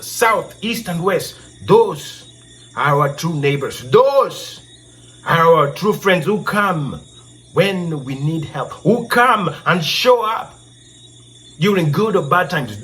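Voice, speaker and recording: A man from Kenya tells a moral folk tale in a fairly high voice with big swoops of pitch. He takes his time, drawing out his phrases and repeating his questions like a preacher, over faint music. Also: animated, slow pace, fairly bright tone, slight background noise. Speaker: storyteller and show host. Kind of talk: oral storytelling with a moral.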